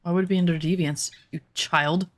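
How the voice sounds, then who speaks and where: A woman with a lowish voice speaks at normal speed with fairly even intonation, and there's no echo. She's streaming a survival game, making casual jokes with viewers, swearing freely, teasing herself, and getting flustered easily.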